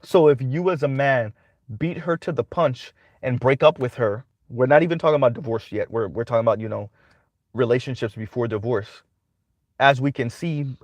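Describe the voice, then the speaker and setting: A man talks his way through a monologue in a casual, conversational way. He keeps tagging his points with "right?" The sound is dry and close, with no room in it, and his voice sits at a middling pitch. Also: a little mellow, no room sound. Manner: conversational, repeats "right?" often. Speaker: commentary channel host.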